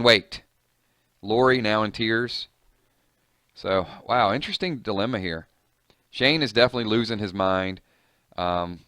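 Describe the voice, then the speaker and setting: A man's voice: lowish voice, fairly bright tone, clear, resonant tone, no echo, clean studio sound. A man casually reading and commenting on a comic, chatty and reactive, musing aloud.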